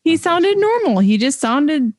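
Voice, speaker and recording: A woman's voice: sits high, big pitch swings, a little slow, darkish tone, no echo, clean studio sound. A woman co-hosting a casual movie podcast, adding short chatty remarks. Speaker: podcast co-host. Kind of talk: casual movie review chat.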